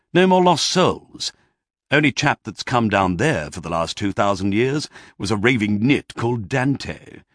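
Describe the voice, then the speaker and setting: Male reader doing polite, scheming gentleman devil for a story; low, slow, husky. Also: no room sound, studio quality, full character voice.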